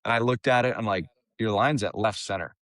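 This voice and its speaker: A young man with a low, deep voice recounts a story in a casual podcast chat. He is animated, laughs often and restarts his phrases. The sound is dry and close. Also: a little fast, dry recording. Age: young adult. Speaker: caddie, podcast guest.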